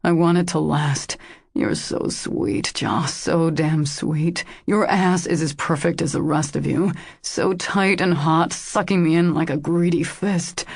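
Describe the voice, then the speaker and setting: Brief: woman reading as an intense dominant man, husky and low, gravelly edge, strained delivery. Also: a little slow, a little mellow, dry recording, studio quality, full character voice. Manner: strained, low, through clenched teeth.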